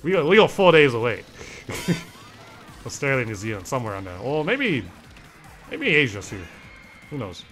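A man's voice: medium pitch, wildly swooping pitch, moderate pace, long pauses, fairly bright tone, soft background music. A young man streaming a video game, chatting casually, reading and answering chat and laughing often.

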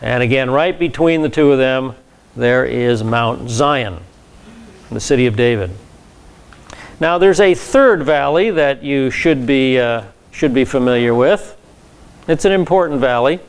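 A man's voice: mid-range voice, animated, a little slow, smooth. A man, a pastor, teaching a Bible class in a conversational lecture style, with frequent fillers and repeated words.

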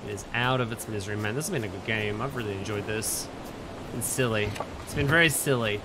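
A man's voice: fairly low pitch, fast, background noise. A young man streaming a game, chatting casually and joking to himself and his crew as he plays. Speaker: gaming streamer. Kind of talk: casual gameplay commentary.

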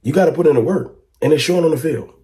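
A man giving casual fan commentary to camera, talking emphatically and asking a stream of rhetorical questions. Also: very fast. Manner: rises to excited high-pitched exclamations when reacting to clips.

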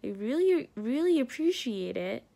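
A young adult woman student chats through a casual daily video diary while isolating with coronavirus, though she has no symptoms. Her voice is a little high, sing-song, gravelly, and warm, moving at a moderate pace, and she's self-deprecating, often laughing at herself.

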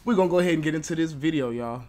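A man's voice: on the high side, racing, dark tone. A young man hosting a reaction video, joking bluntly and swearing in casual commentary. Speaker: YouTube reaction host.

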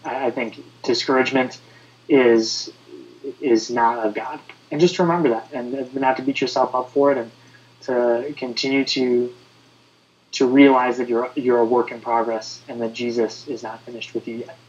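Gentle male panelist, muffled audio. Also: medium pitch, fairly even intonation, moderate pace.

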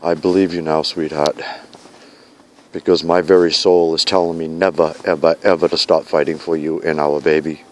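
Deep, flat-voiced man making earnest vows. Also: normal speed, a little hiss or hum. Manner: earnest, pleading, vow-like repetition. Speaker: vlogger addressing his fiancée. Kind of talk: heartfelt spoken video message. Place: outdoors in a snowy park at night.

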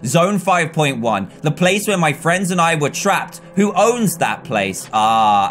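A young man giving excitable let's play commentary, reading game dialogue aloud and laughing along. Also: on the high side, a little slow. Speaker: gaming video host.

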